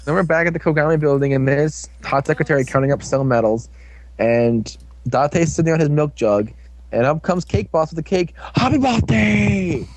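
With a fairly high-pitched voice and a fairly quick pace, a young podcast co-host runs through a show episode. He rambles casually, jokes around and imitates the characters in silly voices.

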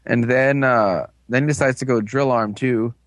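A man's voice: mid-range voice, steady tone, normal speed, heavy background noise. A man casually recapping an episode in a rambling, amused way, with plenty of fillers. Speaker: podcast co-host recapping an episode. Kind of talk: casual chat.

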